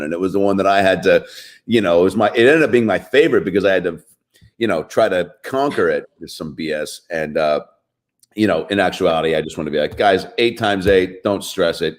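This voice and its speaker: A man from Seattle, a comedian guest on a radio show, telling a rambling story in a deadpan way. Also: a bass voice. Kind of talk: casual radio chat, storytelling.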